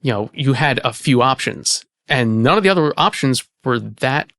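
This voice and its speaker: A man's voice: medium pitch, normal speed, no room sound. Dry-sounding man explaining at length. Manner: relaxed explainer with frequent "you know" fillers. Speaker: archivist and host. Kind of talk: explanatory conversation. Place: indoor archive space.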